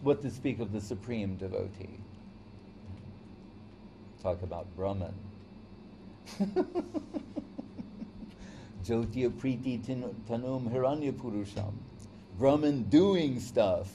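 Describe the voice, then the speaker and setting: A man's voice: mid-range voice, measured pace, background noise. A man teaching a devotional lecture in a conversational storytelling way, often checking in with "right?". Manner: storytelling, acts out quoted voices. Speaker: spiritual teacher.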